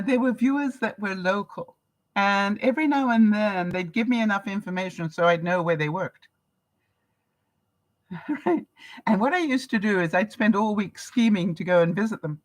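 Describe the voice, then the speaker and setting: A woman's voice: medium pitch, low-quality recording. A woman vlogger from Canada, telling stories in a live-stream chat with viewers, laughing often and acting out the voices she quotes.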